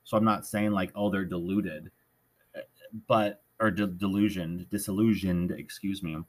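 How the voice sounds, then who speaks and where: A man hosting a podcast alone, talking in an earnest, rambling way, often correcting himself, with the hiccups. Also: sits low. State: has the hiccups. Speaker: podcast host. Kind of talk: casual solo podcast monologue.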